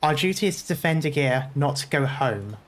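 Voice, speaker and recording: A man reading a video game's dialogue and narration aloud, earnest and steady with small slips. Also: a little high, brisk. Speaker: gaming YouTuber.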